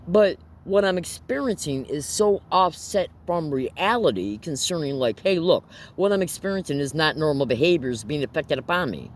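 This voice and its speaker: A man's voice: a little high, lively intonation, normal speed, hardly any pauses. A man vlogging straight to camera in an agitated, emphatic way, firing rhetorical questions at viewers. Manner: agitated, nervous laughter. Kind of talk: direct-to-camera monologue.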